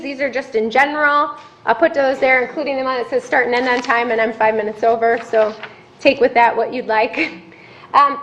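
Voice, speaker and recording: Woman, middle-aged, high voice, governance trainer, conversational lecture. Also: slight background noise. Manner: chatty, conversational, lively asides. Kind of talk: classroom lecture. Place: meeting room.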